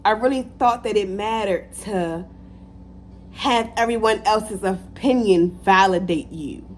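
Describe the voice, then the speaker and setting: Woman vlogger, animated motivational talk, repeats lines for emphasis, faint hum behind. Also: mid-range voice, a little slow. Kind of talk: casual motivational talk to camera.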